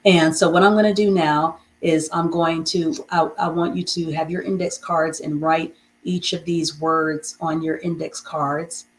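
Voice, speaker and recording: Slow, low-voiced patient woman teacher. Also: fairly even intonation, slight background noise, low-quality recording. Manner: patient, repeats and spells out each word. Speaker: reading teacher. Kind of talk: beginner reading lesson.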